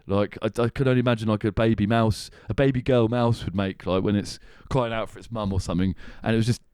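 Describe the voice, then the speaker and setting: A man's voice: on the low side, fairly even intonation, fast talker, darkish tone, smooth, no room sound, clean studio sound. A man hosting a podcast, telling a story in casual chat, laughing often and swearing. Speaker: podcast host.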